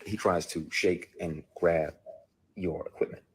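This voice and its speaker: A man with a very low, husky voice tells a raw personal story. He talks bluntly and with feeling, and he swears freely. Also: fairly even intonation, unhurried. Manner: blunt, emotional storytelling with profanity. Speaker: actor. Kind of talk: played clip of a personal account.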